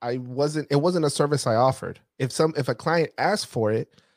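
A man's voice: medium pitch, moderate pace, no room sound, studio quality. A man in a casual business conversation, recounting his accounting firm's experience and repeating key phrases for emphasis. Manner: storytelling, repeats himself for emphasis. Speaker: accounting firm owner.

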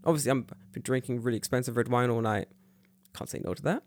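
A man's voice: medium pitch, fast. A young man telling a story in casual chat, cursing freely and stumbling over repeated words. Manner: profane, animated, repeats words. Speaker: podcast storyteller.

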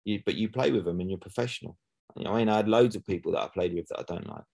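A man's voice: lowish voice, rapid-fire, gravelly, a little mellow. A middle-aged man, a former footballer, chatting casually as a guest and often asking "do you know what I mean". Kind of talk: casual interview chat.

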